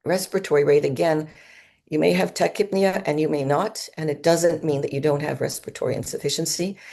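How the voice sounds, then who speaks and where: A woman's voice: low voice, vocal fry, darkish tone. A woman giving a lecture at a medical conference in an auditorium, explaining symptoms and now and then imitating them with her own voice. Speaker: conference speaker.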